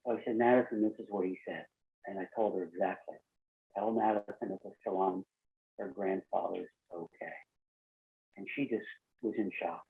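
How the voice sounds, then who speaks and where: Husky gravelly man on a tinny line. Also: sits low, fairly even intonation, moderate pace, pauses often. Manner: earnest, recounts dialogue with "I said" and "she goes". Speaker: podcast guest sharing a near-death experience. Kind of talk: personal storytelling.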